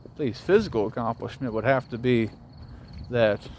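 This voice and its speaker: A man's voice: medium pitch, normal speed. Rambling Southern man walking outdoors. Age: young adult. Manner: rambling, reflective, swears casually. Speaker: vlogger. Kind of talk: casual walking vlog monologue. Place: outdoors on city streets, passing traffic. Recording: faint street and traffic noise.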